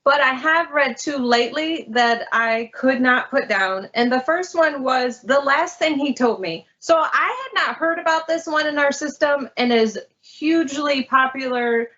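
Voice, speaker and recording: Casting note: high-pitched woman librarian, eager storyteller, muffled lo-fi sound. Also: unhurried, hardly any pauses, sharp tone. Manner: chatty, enthusiastic storyteller. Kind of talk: casual book talk. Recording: lo-fi muffled audio.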